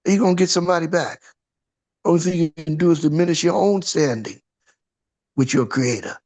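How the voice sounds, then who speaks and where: With a slightly high, darkish voice and a fairly quick pace, a preacher gives an informal, conversational sermon. He throws out rhetorical questions and frequently checks in with his listeners by asking "huh?"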